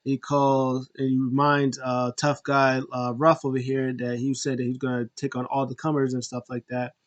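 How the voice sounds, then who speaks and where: Man, casual wrestling recap, rambling, lots of fillers, mid pitch, animated retellings. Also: moderate pace, muffled recording. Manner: rambling, many fillers and restarts; animated when retelling quotes. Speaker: wrestling show reviewer.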